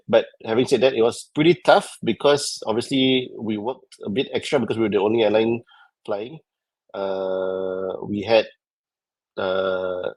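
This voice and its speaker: Low-voiced pilot, hesitant. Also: male voice, darkish tone, no room sound, poor audio. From Singapore. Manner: hesitant, many fillers and restarts. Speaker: airline pilot guest. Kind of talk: casual interview answers.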